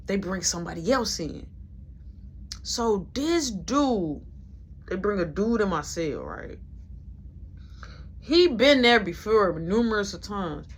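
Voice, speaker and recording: A young man telling a personal story in a casual storytime, animated and acting out each voice he quotes. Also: high-pitched, takes it slowly, long pauses, breathy edge. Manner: animated, acts out every quoted voice.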